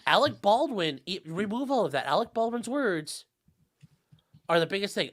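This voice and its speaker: A man talking as a lawyer panelist in a casual panel discussion, animated and joking, with quick restarts. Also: on the high side.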